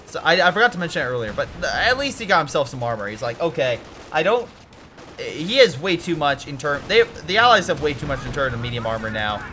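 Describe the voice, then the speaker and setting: Excitable ranting male game commentator. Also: a little high, fast, a little hiss or hum. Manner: excitable, ranting, swears, swings from mutters to yelling.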